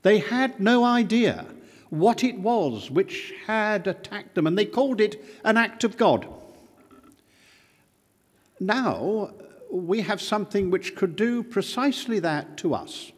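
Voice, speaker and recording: An older man from Britain giving a formal conference speech, measured and emphatic with slow pauses, in a large hall. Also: high-pitched, lively intonation, slightly rough. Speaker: conference speaker.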